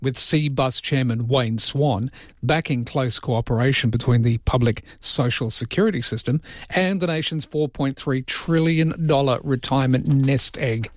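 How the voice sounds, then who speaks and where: A man's voice: medium pitch, measured pace, dry recording, studio quality. An Australian man hosting early-morning radio, chatting about listener texts and reading the newspaper front pages in a self-deprecating, jokey way. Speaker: radio host. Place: radio studio. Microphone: close studio microphone.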